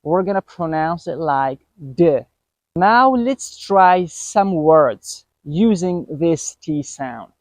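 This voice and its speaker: A man teaching a pronunciation lesson, saying each example word twice in a careful, deliberate way. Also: fairly high pitch, lively intonation, no room sound. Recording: dry, dull lo-fi voice recording.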